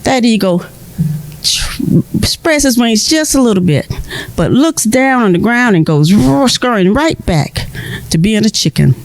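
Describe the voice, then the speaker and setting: A woman storyteller telling a folk tale to children in a lively, expressive way. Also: on the high side, measured pace.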